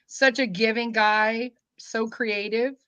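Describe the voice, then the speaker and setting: A chatty woman co-hosts a casual online show, speaking enthusiastically. Her voice is bright and tense, pitched a little higher than most. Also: steady tone, slow, clean tone, highs cut off. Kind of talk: casual chat.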